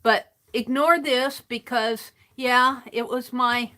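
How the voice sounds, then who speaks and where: Slow, bright-voiced woman crafting at her desk. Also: a little high, fairly even intonation. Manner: chatty, narrates her hands-on work, greets viewers. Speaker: art livestream host. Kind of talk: casual craft demo livestream.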